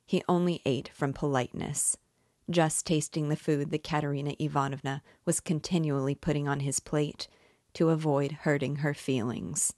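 Low-voiced woman reading a novel aloud. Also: dry recording, studio quality. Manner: measured, even narration. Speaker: book club host. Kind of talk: literary read-aloud.

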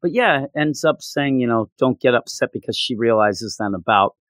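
Man, casual chat, enthusiastic, retells scenes, mid pitch, dry close sound. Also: expressive, moderate pace, fairly bright tone, no room sound. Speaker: co-host discussing a manga.

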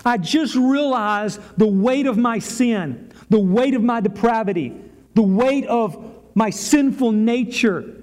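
A man's voice: high voice, unhurried, warm tone. A man playing a grief-stricken prophet who cries out his unworthiness in awe. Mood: anguished. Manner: pleading, repeating cries of unworthiness.

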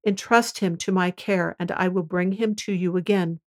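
A woman reading the lines of a reproachful eldest brother in a scripture reading, in a solemn, measured way. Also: on the low side, steady tone, close to an everyday voice.

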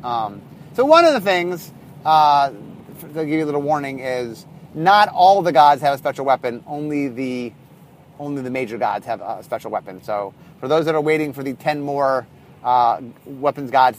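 A man's voice: a little high, lively intonation, moderate pace, a little hiss or hum. A man, a game designer, telling anecdotes in a casual podcast monologue, rambling and correcting himself as he goes.

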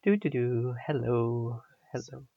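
A man voicing a fussy, prim gentleman who is polite, easily flustered, stammers and mutters to himself, in a tabletop game. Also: mid-range voice, animated, a little slow, vocal fry, dry recording. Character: fussy, prim adult male English gentleman. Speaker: player voicing his character. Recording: dull, lo-fi mic.

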